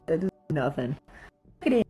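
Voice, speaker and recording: A woman live-streaming from her living room on a phone, chatting to viewers while she coos at her cat in a high baby-talk voice and mutters to herself while setting things up. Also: big pitch swings, normal speed, music in the background. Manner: rambling, self-talking while setting up. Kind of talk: casual live-stream chat.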